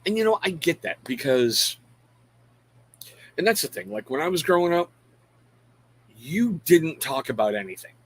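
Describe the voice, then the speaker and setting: A man's voice: fairly high pitch, big pitch swings, normal speed, pauses often, breathy edge, rough recording. A middle-aged man hosting a casual live stream in a loose, rambling way. He speaks frankly and pokes fun at himself, breaking off mid-thought to greet viewers by name. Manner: frank, self-deprecating. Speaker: live show host.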